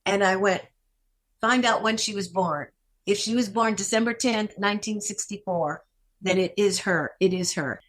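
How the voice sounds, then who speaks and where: A woman's voice: mid-range voice, moderate pace, fairly bright tone. An older woman, a guest actress, telling a personal story in a podcast interview, emotional and repeating phrases for emphasis.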